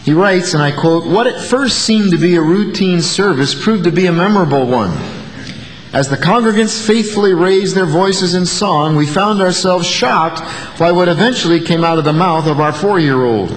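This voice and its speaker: Preacher guy, folksy and wry, kinda high voice, long echo in a church. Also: normal speed, slight background noise. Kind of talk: sermon. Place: church sanctuary. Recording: long hall reverb.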